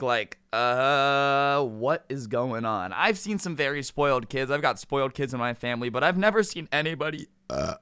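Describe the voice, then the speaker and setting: A man's voice: medium pitch, pushed and bright, clean tone, dry recording, studio quality. A man telling a storytime vlog in a casual, joking, sarcastic way. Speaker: storytime YouTuber.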